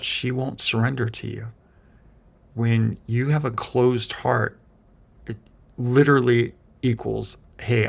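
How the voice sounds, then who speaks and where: A man's voice: on the low side, gravelly. A man giving an earnest motivational talk as a relationship coach, coaching men with direct instructions. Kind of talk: motivational monologue.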